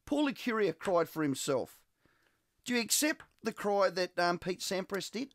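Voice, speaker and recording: A high-voiced Australian man hosts sports radio, his pitch leaping up and down as he teases his co-host. The studio sound is close and dry, with no room around him. He talks in quick, lively banter. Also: no room sound. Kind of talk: casual radio sports chat.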